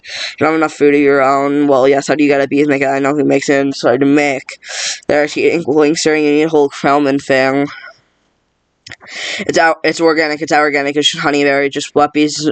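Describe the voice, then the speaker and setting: A man's voice: a little high, clear, resonant tone, no room sound. A man reading a whole film script aloud at speed, doing every part himself and stumbling over and restarting words as he goes. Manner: rattles through all the parts, stumbling and restarting words. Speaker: script reader. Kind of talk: rushed read-through of a film script.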